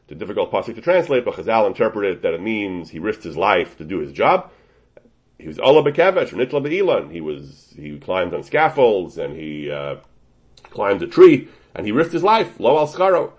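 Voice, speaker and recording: A man gives a Talmudic lesson, working through a rabbinic ruling with plenty of Hebrew and Yiddish terms. His voice sits a bit low and is slightly husky. His pitch moves a lot, rising and falling as he argues each point. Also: very animated, normal speed. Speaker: Torah teacher. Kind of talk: Talmudic lecture.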